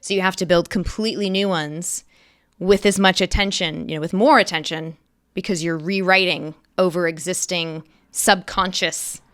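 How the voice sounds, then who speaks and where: Lively woman explaining accents, low voice. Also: moderate pace, no room sound, studio quality. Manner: animated, explains with quoted inner voices. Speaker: interview guest, actress and accent coach. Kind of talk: casual interview conversation.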